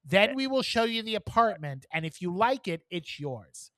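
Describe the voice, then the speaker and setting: A woman voicing a scamming male building super on the phone, flat and businesslike as he pushes for a deposit. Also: mid-range voice, normal speed, dry recording.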